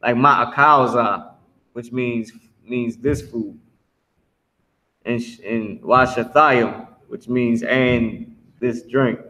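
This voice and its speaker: A man teaching a live online language class, drawing out drilled words slowly and talking bluntly. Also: mid-range voice, steady tone, bright, forceful tone, rough recording. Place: Philadelphia.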